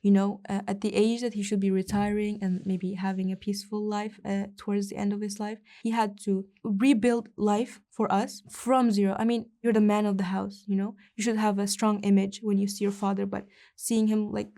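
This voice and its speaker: Soft young woman from east turkestan, hesitant, lots of ums, pretty flat voice. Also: medium pitch, normal speed, few pauses. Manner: soft-spoken, hesitant with fillers. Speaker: interview guest. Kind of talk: personal interview.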